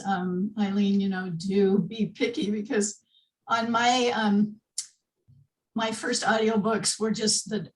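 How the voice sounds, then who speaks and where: A woman author telling a frank, animated story during a video call. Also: mid-range voice, far from the mic, a little hiss or hum, low-quality recording. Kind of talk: casual video call conversation.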